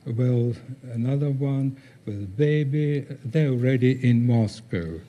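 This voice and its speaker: An older man gives a conference talk over slides, halting, with many pauses and fillers. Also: mid-range voice, expressive, highs cut off. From former Soviet Union. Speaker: guest speaker.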